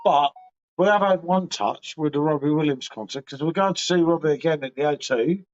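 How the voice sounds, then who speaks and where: A man's voice: on the high side, fairly quick, faint music behind. A man chatting casually on a beer livestream, sweary and laddish in his banter. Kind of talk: casual chat. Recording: muffled lo-fi livestream audio.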